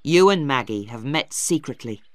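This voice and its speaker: A woman voicing a stern young man who speaks harshly and forcefully in a storybook reading. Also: rumbling low, expressive, moderate pace, no room sound. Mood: angry. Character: stern, angry young man, Maggie's brother.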